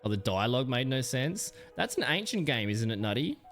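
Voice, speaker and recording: A young man chats on a live stream, teasing and thanking viewers in a loose, joking way. His voice sits at an ordinary pitch for a man but jumps high when he gets excited and drops low when he mutters to himself. Faint music plays quietly behind him. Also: fairly quick. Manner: joking banter with chat, animated swings in pitch. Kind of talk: casual live-stream chat.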